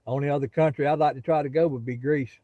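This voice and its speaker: A man's voice: a little high, fast, dry recording, phone-quality sound. A middle-aged man from the Gulf Coast of Florida with a Southern drawl, chatting casually and folksily with viewers on a phone livestream outdoors. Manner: relaxed, folksy, talks straight to viewers. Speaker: livestream host. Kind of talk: casual live-stream chat with viewers. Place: outdoors near a pasture.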